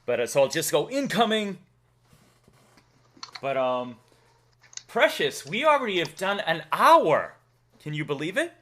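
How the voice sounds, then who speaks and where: A man's voice: on the high side, very animated, a little slow, pauses often, a bit bright. A man with a Massachusetts accent hosting a live stream, chatting casually, laughing often and reading out donations. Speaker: streamer host.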